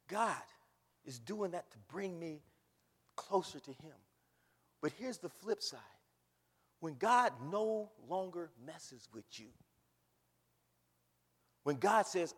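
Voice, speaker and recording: A man preaching a sermon, swinging from loud shouts down to hushed near-whispers. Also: sits high, animated, measured pace, pauses often, breathy edge, in a large hall. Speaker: pastor.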